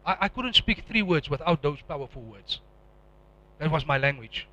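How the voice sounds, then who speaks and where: Intense preacher, bright voice. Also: male voice, fairly high pitch, very animated, normal speed, low-quality recording. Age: middle-aged. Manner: emotional, swings from hushed to loud and intense. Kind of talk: personal testimony sermon.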